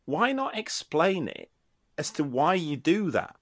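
A man who coaches tennis, co-hosting a casual podcast and talking in an animated way with frequent restarts. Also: fairly high pitch, a little slow, no room sound. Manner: animated, restarts often, acts out quotes.

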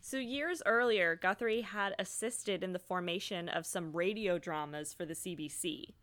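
A woman's voice: fairly low pitch, normal speed, a bit bright. A woman co-hosting a podcast, telling a history story in casual chat and laughing often. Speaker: podcast co-host.

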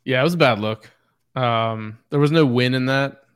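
A man co-hosting a casual sports podcast, talking in a measured way and moving the show along to the next topic. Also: medium pitch, smooth. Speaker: podcast co-host.

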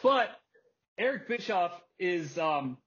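A man hosting a casual podcast, telling a story with energy, putting on quick voices and laughing often. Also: high-pitched, very noisy. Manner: animated storytelling, acts out wrestler quotes and laughs often. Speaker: podcast host. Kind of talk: casual chat. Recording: dull lo-fi podcast audio.

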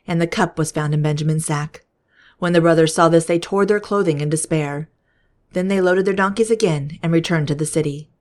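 A woman podcast host reading scripture aloud in a steady, measured way. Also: fairly low pitch.

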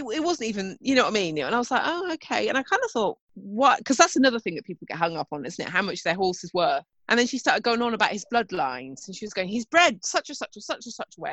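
A woman's voice: a little high, fairly bright tone, dry recording. A woman co-hosting a podcast, telling stories in a blunt, earthy, chatty way. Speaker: podcast co-host. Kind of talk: casual chat.

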